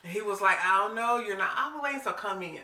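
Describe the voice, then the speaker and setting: A woman, telling a personal story in a casual vlog, animated and dramatic as she quotes people. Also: medium pitch, fast, reverberant, far from the mic. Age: 40s. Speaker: vlogger.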